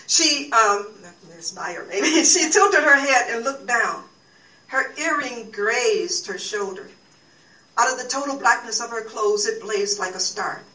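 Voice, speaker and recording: A woman who teaches at a university, giving a lecture and reading from a novel, with halting speech full of fillers and restarts. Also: a little high, sharp tone. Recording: echoey room, far from the mic.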